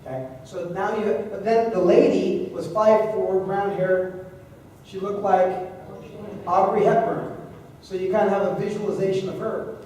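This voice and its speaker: A man with a high voice teaches a seminar in a lively, joking, conversational way. His voice rings through a large hall with a long reverb and reaches the mic from far off. Faint room noise sits underneath. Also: a little slow. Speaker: speaking coach at a live seminar. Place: large hall with a live audience.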